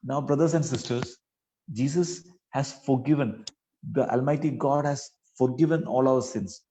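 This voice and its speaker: A man's voice: medium pitch, unhurried, mellow, rough recording. A man preaching a sermon, speaking earnestly and pleadingly to his listeners and often adding "you know" mid-sentence.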